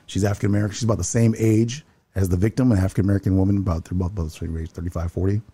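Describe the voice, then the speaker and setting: With a deep, warm, slightly rough voice and fairly even intonation, a building security worker rapidly and earnestly recounts a story in conversation. He frequently repeats his first words when beginning a sentence.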